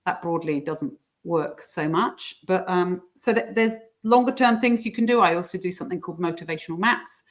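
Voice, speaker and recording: A woman explaining coaching techniques in a casual interview, sometimes putting on squeaky voices for examples. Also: normal speed, few pauses. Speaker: guest coach.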